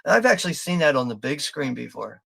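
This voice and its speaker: Man from Philadelphia, profane rambling watch-party host, very gravelly, dry sound. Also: medium pitch, sing-song, fairly quick, fairly bright tone, dry recording. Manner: profane, rambling, laughing often. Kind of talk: casual live commentary.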